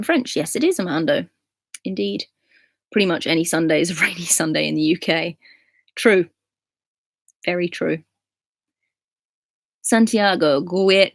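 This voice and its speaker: A woman in her twenties with an English accent, hosting a casual live chat and answering viewers' comments in a relaxed, friendly way. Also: on the low side, creaky, dry recording, clean studio sound. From England. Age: 20s. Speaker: livestream host.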